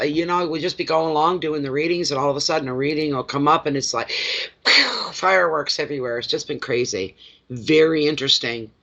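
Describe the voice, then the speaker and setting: A man's voice: fairly high pitch, a bit bright, highs cut off. A man who reads tarot cards, chatting casually on a live stream, greeting viewers by name and rambling between readings. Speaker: tarot card reader.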